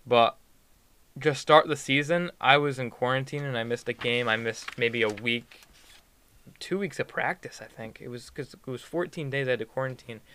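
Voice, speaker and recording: A man's voice: mid-range voice, moderate pace, pushed and bright, clean tone. A teenage boy chatting casually in an interview, rambling with many fillers and restarts. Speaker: student athlete guest.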